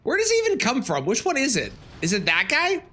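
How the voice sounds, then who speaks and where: Animated man streaming a game. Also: very high-pitched, a little fast. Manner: animated, jumps to yelps and exclamations at enemies. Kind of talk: casual live-stream commentary.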